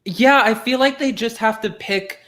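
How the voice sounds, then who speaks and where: A co-host chatting on a live recap show in a mid-range voice. The talk is loose and rambling, with restarts and quick mimicked quotes of other people. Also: mid-range voice, fairly bright tone. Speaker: podcast co-host. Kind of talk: casual live recap chat.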